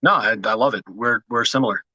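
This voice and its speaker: A man's voice: mid-range voice, quick pace, bright, forceful tone, slightly rough, dry recording, muffled recording. A middle-aged man, chatting as a podcast host, swearing freely, laughing and rambling with restarts. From Washington DC area. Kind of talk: casual chat.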